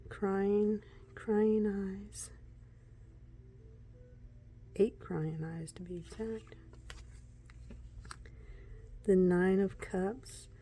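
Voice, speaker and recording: A woman chatting through a casual deck walkthrough, excitable and talkative, often dropping into soft whispers. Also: mid-range voice, drawn-out words, pauses often, slight background noise. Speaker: tarot deck reviewer.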